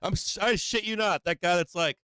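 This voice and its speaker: Brisk, clear, and resonant with no room sound, this man hosts a stock market show on a live stream, offering brash, emphatic, profane commentary that shifts from loud emphasis to low, quieter explaining.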